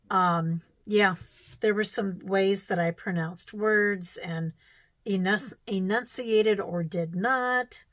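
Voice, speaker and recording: A middle-aged vlogger with a Midwestern American accent chats casually while showing old quilting magazines, thinking aloud with fillers and small exclamations. Her mid-range voice is a bit bright, and the recording is dry and rough.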